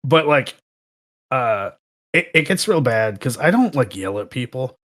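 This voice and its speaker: Young man, sarcastic, animated storyteller, casual podcast chat. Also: medium pitch, a little slow. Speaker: podcast guest.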